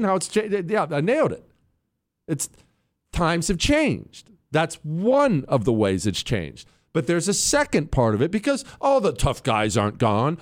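A man hosting a political talk radio show, speaking in a conversational, emphatic monologue to listeners and his producers. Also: on the high side.

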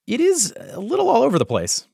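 A man's voice: very high voice, wildly swooping pitch, a little fast, creaky, warm tone, husky, no echo, studio quality. A man hosting a podcast, narrating in a conversational way and acting out quotes with animation. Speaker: host.

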